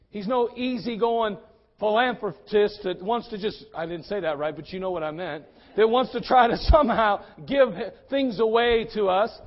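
A male pastor preaching an impassioned sermon in a church, swinging between loud and soft. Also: high-pitched, highs cut off.

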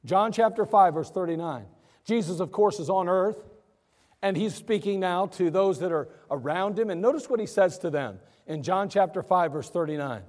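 High-voiced preaching man, echoey church. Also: normal speed. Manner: animated preaching, asks and answers his own questions. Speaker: pastor. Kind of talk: sermon. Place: church sanctuary.

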